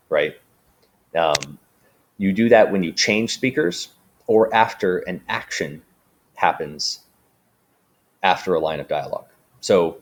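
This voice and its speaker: A man teaching a writing lesson in a relaxed way, with frequent ums and restarts. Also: deep voice. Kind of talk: casual explanatory lesson.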